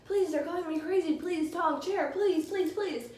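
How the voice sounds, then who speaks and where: A woman's voice: very high-pitched, moderate pace, darkish tone, pitched above the performer's own voice. A woman doing a flustered pleading lady. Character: desperate pleading woman owner of a chair. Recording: echoey room, distant mic.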